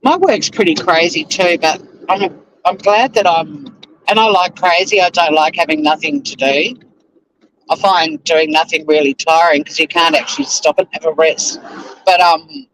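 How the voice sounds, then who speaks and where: This fairly high-pitched, slightly bright voice belongs to a Tasmanian man with an Australian accent, heard in a low-quality recording with faint car road noise. Live-streaming as a YouTuber on his way to work, he reacts and rambles casually, using lots of fillers.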